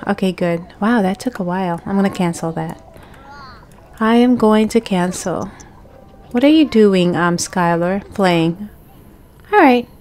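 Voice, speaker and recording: A woman giving casual gameplay commentary, chatting to the characters on screen and bursting into excited exclamations. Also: medium pitch. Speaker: gaming channel host.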